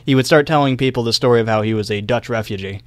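A young podcast co-host tells a history story casually, with plenty of fillers and easy laughter. He talks fast at a middling pitch, and his smooth, resonant voice is recorded close and dry with no echo.

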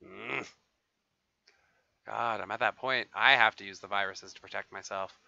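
A man giving excitable live gameplay commentary as a streamer, swearing and taunting other players. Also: lowish voice, normal speed, gravelly, dry recording. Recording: dull lo-fi stream audio.

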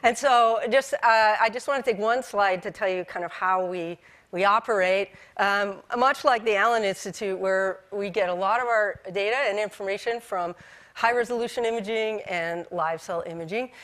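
A woman giving a scientific conference lecture, her voice scratchy from a cold, relaxed and self-deprecating with frequent fillers and restarts. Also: mid-range voice, normal speed. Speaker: cell biology researcher giving a talk.

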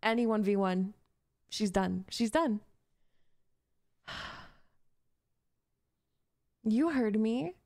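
A woman's voice: mid-range voice, animated, slow, darkish tone, no room sound, clean studio sound. A young woman voicing a possessive, jealous gamer girl in an audio role-play, talking in a bossy, defensive, flustered way. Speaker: voice actress.

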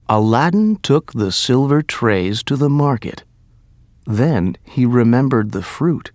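A man reading a storybook aloud for English learners, with clear, deliberate and expressive narration. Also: mid-range voice, no room sound, clean studio sound.

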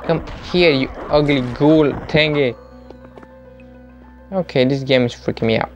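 A man with a fairly high voice gives jokey, excitable let's play commentary and keeps breaking into panicky outbursts. The mic sounds dull and lo-fi, with faint game music underneath. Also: unhurried, pauses often. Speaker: gamer.

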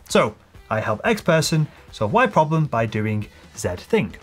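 A man teaching as a sales coach, talking straight to camera and acting out example pitches in a relaxed conversational tone. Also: a little slow, soft background music. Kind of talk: instructional talk to camera.

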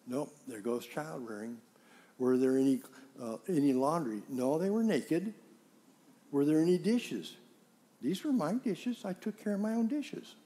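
A man's voice: mid-range voice, mellow. A man preaching in a conversational way, teaching with rhetorical questions and acting out everyday dialogue to make his point. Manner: acts out quoted dialogue in scenes. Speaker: pastor. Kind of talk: sermon.

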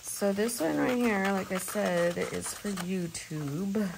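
Slow, gravelly woman chatting at home. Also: medium pitch, noisy background. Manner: chatty, rambling, laughs often. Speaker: vlogger. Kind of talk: casual chat while crafting.

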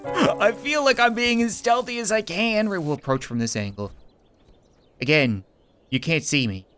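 A man's voice: high-pitched, a little slow, music in the background. A young man giving playful let's-play commentary, goofy and giggly, often talking to the game characters in mock-polite asides. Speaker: gameplay commentator.

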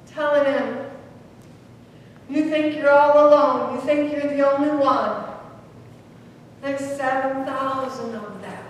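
Woman pastor preaching, high voice, goes loud then real quiet, echoey church heard from far back. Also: fairly even intonation, slow pace, long pauses. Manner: swings between loud preaching and hushed quiet. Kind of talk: sermon. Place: church sanctuary. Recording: echoey church hall from far off, faint rumble.

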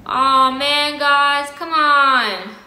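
A woman's voice: high voice, drawn-out words, sharp tone, reverberant, poor audio. A woman hosting a horror game playthrough, jumpy and chatty, gasping and shrieking at scares and talking to her viewers. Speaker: gaming channel host. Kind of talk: horror game let's play commentary.

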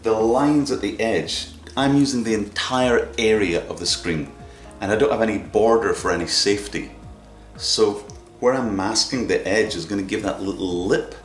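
A fairly low-voiced man talks through a hobby project as he works, chatty and thinking out loud. He drops in silly sound effects now and then. The sound is roomy and a little distant, with music playing behind him. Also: normal speed. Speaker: maker vlogger. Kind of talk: casual workshop narration.

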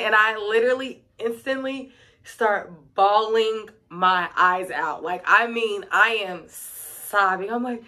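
Her voice is medium-pitched, bright and forceful at a moderate pace. She's a young middle-school teacher who vlogs, chatting casually through stories and peppering her talk with "like" and "um."

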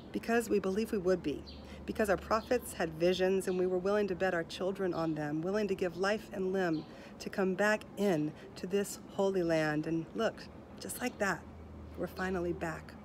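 A woman speaking on a video call, telling a personal story and ending in rhythmic, rhyming spoken-word poetry, often dropping quieter. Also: medium pitch, steady tone, normal speed, a little hiss or hum. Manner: passionate, rhythmic, rhyming delivery that drops softer at the end. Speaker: speaker at an online festival.

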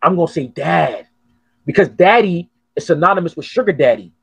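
Husky-voiced man hosting a casual podcast. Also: on the high side, fairly quick, dry recording. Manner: profane, animated storytelling. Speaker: podcast host. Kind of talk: casual chat.

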